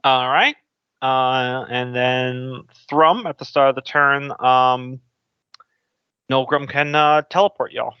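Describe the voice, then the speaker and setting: A man running a tabletop game as game master, explaining rules in a relaxed way. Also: mid-range voice, takes it slowly, clear, resonant tone, dry recording. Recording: dull, dry mic sound.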